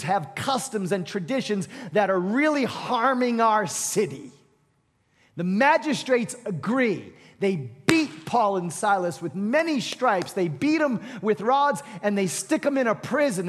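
A man preaching a sermon as pastor, retelling a story with dramatic swings from loud proclamations to hushed near-whispers. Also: high-pitched. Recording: reverberant hall.

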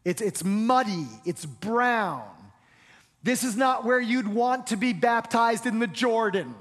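High-voiced preacher in a reverberant hall. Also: male voice, lively intonation, slow pace, a bit bright. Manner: earnest preaching with repeated stammered restarts. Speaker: pastor. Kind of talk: sermon.

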